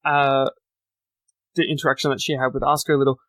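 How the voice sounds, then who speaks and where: A man's voice: mid-range voice, little pitch movement, quick pace, fairly bright tone, dry recording. A man hosting a solo podcast, giving a chatty, opinionated recap of the week's wrestling shows. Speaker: podcast host.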